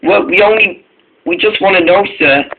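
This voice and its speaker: A man's voice: sits high, moderate pace, pitched above the performer's own voice. A man voicing an anxious male engine, stammering and insistent. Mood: pleading. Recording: tinny phone-like recording.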